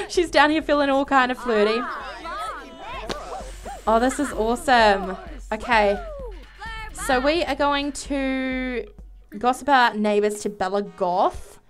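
Giggly, excitable woman gamer. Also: sits high, slow pace, pauses often, faint music behind. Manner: excitable, giggly, exclaims often. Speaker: let's play gamer. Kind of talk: casual gameplay commentary.

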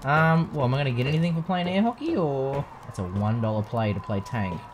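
A man's voice: mid-range voice, brisk, a little hiss or hum. A young man casually commentating a video game playthrough, joking and swearing freely. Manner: profane, joking, animated. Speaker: let's play host.

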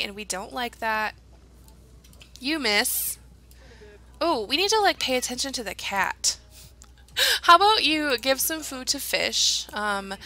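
Young woman, gameplay commentary, chatty, giggly, bright voice, fairly high. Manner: chatty, giggly, talks to her game characters. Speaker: let's play gamer.

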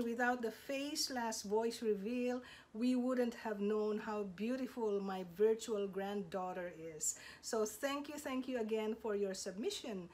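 A woman's voice: mid-range voice, darkish tone, slight background noise. A woman hosting her channel's reveal compilation, gushing and thanking each contributor. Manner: gushing, slow, lots of thanks. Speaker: channel host. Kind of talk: casual video presentation.

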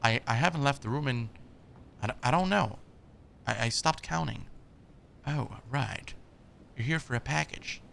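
A man's voice: medium pitch, moderate pace, gravelly, pauses often, fairly bright tone, slight background noise. A man reading as a stammering frightened recluse. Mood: wary. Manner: stammering, wary. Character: frightened reclusive male tenant, shut in.

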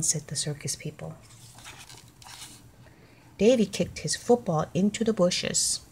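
Slow, low-voiced woman reading a storybook. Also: animated, a little mellow, slightly rough. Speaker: storybook reader. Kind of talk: reading a children's book aloud.

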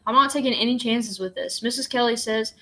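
A woman's voice: on the high side, fairly quick, fairly bright tone, low-quality recording. A woman voicing a worried mother with a tense, pleading delivery in a storybook reading. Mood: anxious. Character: worried mother, sharp and anxious.

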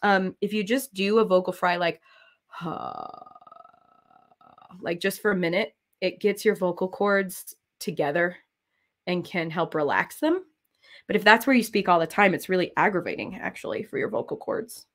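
Talking as she works on her stitching stream, this chatty cross-stitch designer keeps drifting off topic. She speaks at a moderate pace in a lowish voice.

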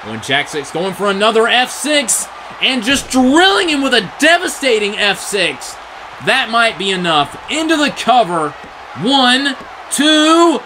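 A man giving excited play-by-play wrestling commentary, often shouting in disbelief, his voice getting strained. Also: extremely high pitch, measured pace, noisy background.

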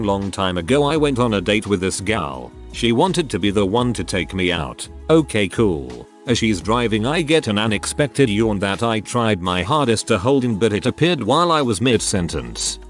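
A man narrates a string of online stories in a matter-of-fact reading voice. His pitch sits low, yet his intonation rises and falls with plenty of life. Soft music runs quietly underneath.

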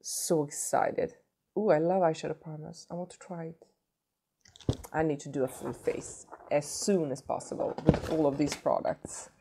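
A woman's voice: deep voice, moderate pace, vocal fry, noisy background. A woman opening a gift box for her vlog, gushing and emotional, repeating her words. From Sweden. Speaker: beauty vlogger. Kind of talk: unboxing vlog.

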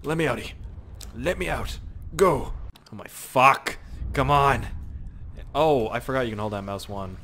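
A young man giving casual, excitable commentary while playing a video game, swearing and exclaiming often. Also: mid-range voice, measured pace, pauses often. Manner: excitable and profane, frequent exclamations and laughs. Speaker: gameplay commentator.

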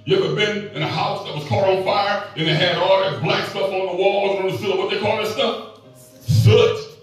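A middle-aged man preaching a sermon as pastor, animated and joking with the congregation. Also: sits high, a little fast, very echoey, far from the mic, faint music behind, poor audio.

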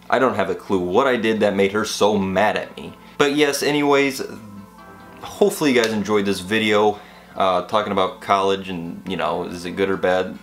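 A young man vlogger telling college stories in a casual, rambling, animated way, full of fillers. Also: on the low side. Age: young adult. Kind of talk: casual storytelling vlog.

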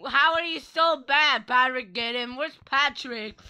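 Young woman, game commentary host; bright, unhurried, playful and teasing. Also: high voice, clean tone. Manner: playful, teasing, laughing often. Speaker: gaming channel host. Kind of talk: Roblox gameplay commentary.

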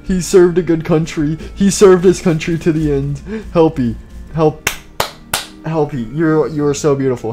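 A man's voice: on the high side, a little slow, over music. A young man giving rambling, jokey gameplay commentary for his channel, with playful mock-mournful speeches and lots of filler. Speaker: gaming YouTuber.

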